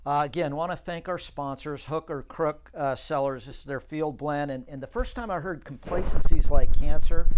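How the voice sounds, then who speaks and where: A middle-aged man hosts a casual talk show with a slightly raised voice. He speaks earnestly and puts weight on his points. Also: fairly high pitch. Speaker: show host. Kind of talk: casual chat.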